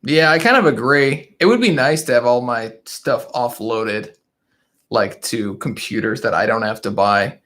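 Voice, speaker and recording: A man's voice: medium pitch, unhurried, a bit bright. A man hosting a casual livestream, chatting and laughing often as he reads viewer comments. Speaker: livestream host. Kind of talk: casual live chat reading viewer comments. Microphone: desk microphone.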